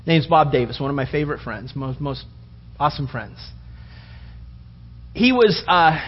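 A man's voice: medium pitch, husky, highs cut off. A male pastor preaching a sermon, telling a long rambling story with many restarts.

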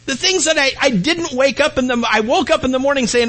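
A man preaching a sermon as pastor, swinging between loud and hushed delivery. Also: very high voice, fairly quick, rough recording.

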